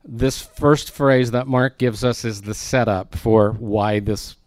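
A man's voice: medium pitch, fairly even intonation, slow pace, a little mellow, dry recording. A man preaching a verse-by-verse sermon in a conversational way, with joking asides to his congregation. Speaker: pastor. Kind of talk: expository sermon.

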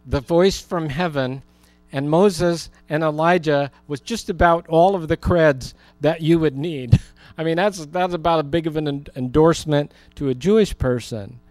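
A man's voice: a little high, a little mellow, no echo. A man preaching a Bible teaching sermon in a conversational way, with humorous asides. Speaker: pastor.

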